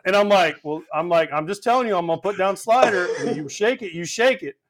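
A man telling animated, profane stories in a casual podcast chat, acting out the quotes. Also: high voice, fast. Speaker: podcast co-host and former teammate.

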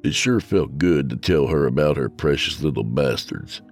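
A man narrating a horror story in a slow, grave storyteller's manner. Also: very deep voice, expressive, soft background music.

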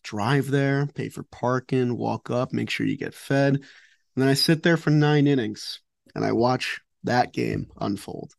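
A man's voice: mid-range voice, unhurried, creaky, no room sound. Easygoing man with a dry sound. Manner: easygoing, wry asides. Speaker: podcast co-host. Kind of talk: casual sports chat.

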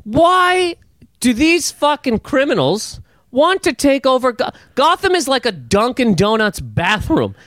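Man, podcast co-host, high voice, swinging pitch, profane ranting, casual comedy chat. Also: sing-song, a little slow, fairly bright tone, no echo, clean studio sound.

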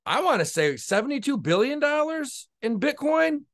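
A man co-hosting a casual podcast, loud and excitable, swearing often as he tells stories. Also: extremely high pitch, moderate pace. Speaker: podcast co-host. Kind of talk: casual crude banter.

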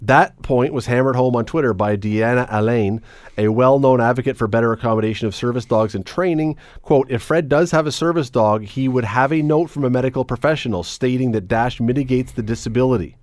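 A man's voice: medium pitch, a little mellow, no echo. Wry opinionated man hosting radio talk. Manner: opinionated, wry, quick to joke. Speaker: radio talk show host. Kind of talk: casual talk radio banter. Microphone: studio microphone.

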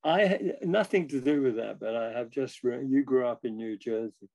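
A man's voice: medium pitch, normal speed, vocal fry, a crowd in the background, low-quality recording. A man in his eighties, a guest musician, telling stories casually with frequent chuckles. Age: 80s. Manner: chuckling, self-deprecating. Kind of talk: casual storytelling.

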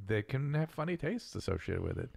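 Man, podcast host, casual chat, animated, lively pitch. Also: brisk, gravelly, husky.

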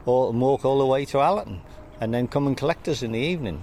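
Old english bloke telling funny stories outside, light traffic hum behind. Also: male voice, mid-range voice, animated, fast, darkish tone. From England. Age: older. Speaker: interviewee. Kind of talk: anecdotal casual conversation. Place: outdoors by a church in a town.

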